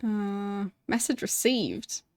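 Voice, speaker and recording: Wry, unhurried woman streamer. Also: mid-range voice, no echo. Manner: wry, sarcastic asides, often quiet and muttered. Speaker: streamer playing a retro game. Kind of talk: casual gameplay commentary, reading game text aloud.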